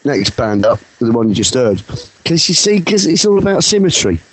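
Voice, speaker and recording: A man co-hosting a casual music podcast trades radio-style banter, cheeky and swearing as he talks with his mouth full. His mid-range voice swings widely in pitch at a moderate pace. The recording is rough, with music playing behind him.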